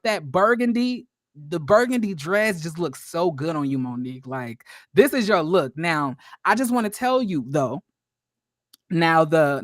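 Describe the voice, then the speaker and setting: A man's voice: high-pitched, no echo. Gossipy guy recapping reality tv for his viewers, lots of likes and y'alls, sassy, dry close sound. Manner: chatty and gossipy, addresses viewers as y'all, full of likes and you-knows; sassy, throws shade. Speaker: YouTube commentator. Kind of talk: casual reality-TV recap commentary.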